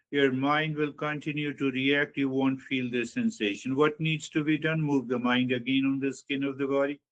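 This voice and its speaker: A man giving a slow, reflective spiritual teaching talk, guiding listeners inward with measured repetition. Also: mid-range voice, a bit bright.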